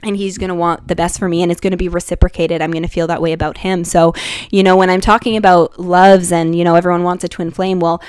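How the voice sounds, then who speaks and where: A young woman talking to her viewers in a casual, excited and emotional way, laughing and gasping often. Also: fairly low pitch, quick pace, smooth, no room sound, studio quality. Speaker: vlogger. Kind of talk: casual chat to camera.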